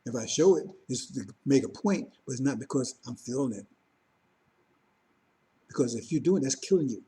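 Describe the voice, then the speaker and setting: Husky, dark-voiced man preaching casually. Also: medium pitch, lively intonation, moderate pace. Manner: conversational, repetitive, keeps checking in with "see?" and "you understand?". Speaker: religious teacher. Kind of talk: informal preaching to a congregation.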